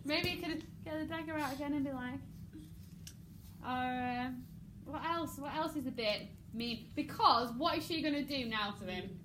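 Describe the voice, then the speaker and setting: A fairly high-voiced English woman runs a drama class, jumping into the lines herself and breaking into laughter between them. The recording has clear background noise from the room. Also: normal speed. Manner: animated, acts out lines and laughs often. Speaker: drama teacher. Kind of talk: drama lesson, acting out lines.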